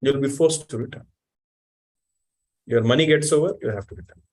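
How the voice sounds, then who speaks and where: A man giving an animated sermon, questioning the audience and reciting Sanskrit verses. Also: medium pitch, moderate pace. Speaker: spiritual teacher.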